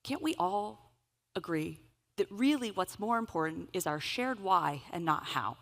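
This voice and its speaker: A woman giving a conference keynote, telling stories in an animated, humorous way. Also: on the low side, measured pace. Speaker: keynote speaker. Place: event stage.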